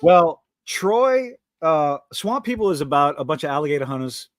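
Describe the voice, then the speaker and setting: A Cajun man from South Louisiana hosts a casual livestream chat. His voice sits a little high and sounds close and dry. He tells his stories with animation. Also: moderate pace, no room sound. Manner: animated storytelling. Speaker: podcast host.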